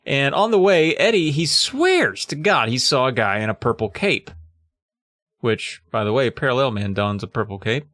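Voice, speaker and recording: A man's voice: medium pitch, expressive, moderate pace, fairly bright tone, no echo, studio quality. A man co-hosting a podcast, retelling a story in a loose, joking way and laughing often. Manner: laughing, jokey, slips into silly voices. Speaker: podcast co-host. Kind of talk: casual chat, retelling a story.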